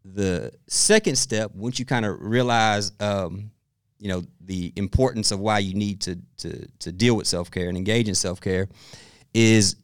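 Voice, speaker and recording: A middle-aged man speaking as a guest expert in a podcast interview, telling stories in an animated way and laughing often. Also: lowish voice, unhurried, clear, resonant tone, no echo, studio quality.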